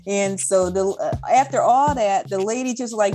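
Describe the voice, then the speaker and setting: A woman telling a childhood story in casual chat as a podcast co-host, acting out quotes in a high voice. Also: normal speed, music in the background.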